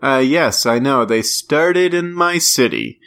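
A man co-hosting a relaxed podcast, full of silly jokes and repeated questions. He laughs a lot and keeps the banter going. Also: mid-range voice, takes it slowly. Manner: joking, repeats himself, laughs often. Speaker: podcast co-host.

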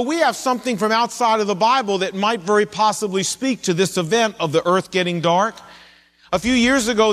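A man's voice: high voice, a bit bright, long reverb tail. A man preaching a sermon in a conversational way, asking his listeners questions as he goes. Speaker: pastor.

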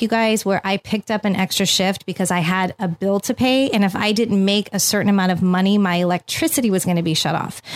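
Woman vlogger, emphatic and heated, mid-pitched, dry close sound. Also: no room sound. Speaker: influencer and vlogger. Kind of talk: casual talk to camera.

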